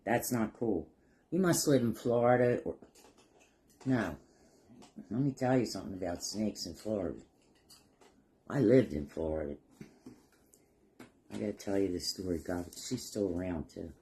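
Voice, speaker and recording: A middle-aged craft vlogger paints a project while telling rambling, folksy stories and chuckling. His voice is on the low side and mellow, at a moderate pace with frequent pauses.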